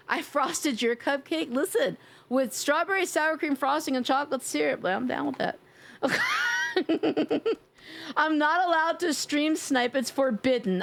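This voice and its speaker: A woman's voice: high-pitched, very animated, a little slow, gravelly, fairly bright tone. A young woman with a New York accent, chatting playfully on a live stream, joking, swearing and laughing often. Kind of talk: casual live-stream chat.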